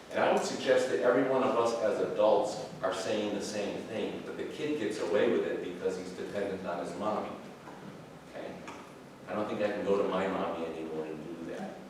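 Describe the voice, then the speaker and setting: A man's voice: low-pitched, noisy background. A man leading an evening Bible class, talking conversationally with fillers and restarts. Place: church classroom. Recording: very echoey room, far from mic.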